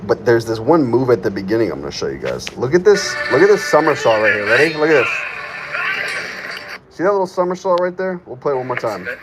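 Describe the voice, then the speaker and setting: A man's voice: mid-range voice, big pitch swings, fast talker, very noisy. A young man hosting a casual livestream, reading chat aloud and hyping himself up with playful bits. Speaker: livestream host. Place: current location he names while streaming.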